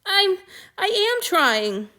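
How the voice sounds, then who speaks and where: A woman's voice: sits high, expressive, takes it slowly, fairly bright tone, voice pushed up, exaggerated voice. A woman voicing an anxious young man who is crying, stammering and breaking off mid-sentence in an audiobook reading of fan fiction.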